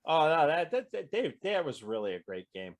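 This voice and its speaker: Lively storyteller guest, male, animated and expressive delivery. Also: a little high, moderate pace. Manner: lively storyteller, acts out quoted voices, trails off mid-sentence. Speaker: guest author in audience Q&A. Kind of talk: animated storytelling in casual chat.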